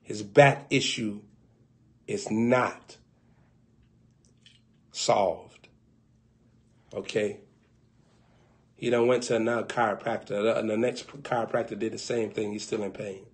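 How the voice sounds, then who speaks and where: A man preaching, telling a comic story in an animated, colloquial way. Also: lowish voice, slow, long pauses.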